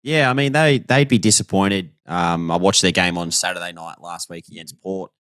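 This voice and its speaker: A relaxed Australian man co-hosting a podcast in easygoing, matey banter. His voice sits a little low. The recording is dry and close, with no room sound. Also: normal speed, clear, resonant tone, no echo. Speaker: podcast co-host and footballer. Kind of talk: casual chat.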